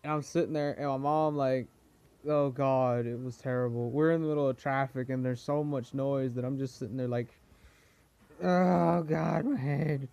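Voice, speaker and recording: A man's voice: medium pitch, steady tone, fairly quick, a little mellow, clean tone, no room sound, lo-fi sound. A teenage boy with a cold and a cough, chatting and complaining in a rambling casual vlog, a pet cockatiel somewhere behind him. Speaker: vlogger.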